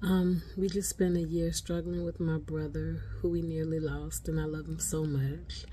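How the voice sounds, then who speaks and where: A woman recording a soft, faith-filled video message of encouragement. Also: sits low, little pitch movement, normal speed, a little hiss or hum.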